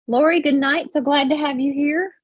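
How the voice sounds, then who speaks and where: A woman's voice: sits high, fairly even intonation, normal speed, no echo, dull audio. A woman hosting a casual sewing livestream, encouraging her guest and chatting with viewers. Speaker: livestream host.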